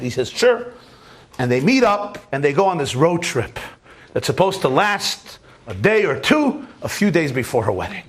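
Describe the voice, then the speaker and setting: A man's voice: on the high side, a bit bright. A rabbi giving a lecture to a large audience, telling stories animatedly and joking with his listeners. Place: community center hall.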